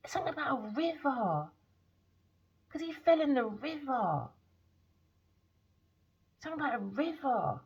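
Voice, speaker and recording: A woman talks through a tarot reading in a rambling, emphatic monologue full of slang. Her voice has a gravelly fry to it. The recording sounds dull and lo-fi. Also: high voice, sing-song, a little slow, long pauses, darkish tone. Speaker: tarot reader.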